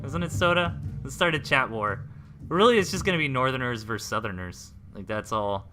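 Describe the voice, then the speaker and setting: A young man from the American South casts a strategy game replay with a bright, forceful voice. He drifts into loose, joking side chats between short calls on the action. Faint music sits behind him. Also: mid-range voice, expressive, a little fast. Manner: rambling, joking asides between play calls. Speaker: esports caster. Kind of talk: live replay game commentary.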